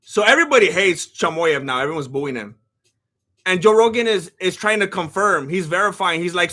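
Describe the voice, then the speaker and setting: Male streamer, very high and bright voice, animated ranting live fight commentary. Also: moderate pace. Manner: animated, ranting, often shouting; thanks followers by name between rants.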